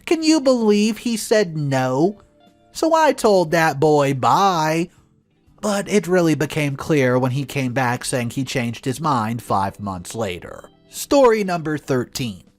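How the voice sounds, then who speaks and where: A man's voice: a little high, big pitch swings, slow pace, faint music behind. A man's voice, likely synthetic, narrating reader-submitted stories from a script and reading the text literally and evenly.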